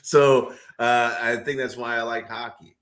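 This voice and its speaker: A man's voice: medium pitch, level tone, a little slow, fairly bright tone. A man co-hosting a podcast, talking in an easygoing way and laughing along in casual chat. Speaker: podcast co-host.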